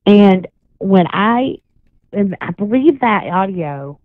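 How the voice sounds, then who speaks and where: A woman's voice: medium pitch, animated, slow, no echo. A woman guest on a radio call-in show, telling a long rambling story full of restarts. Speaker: guest psychic and paranormal investigator. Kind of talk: casual radio chat. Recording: tinny phone line, dry.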